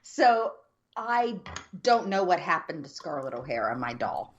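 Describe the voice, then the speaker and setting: A woman's voice: low-pitched, sing-song, unhurried, highs cut off, slight background noise. A woman from the United States co-hosting a podcast, chatting in a wry, casual way. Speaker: podcast co-host. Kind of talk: casual chat.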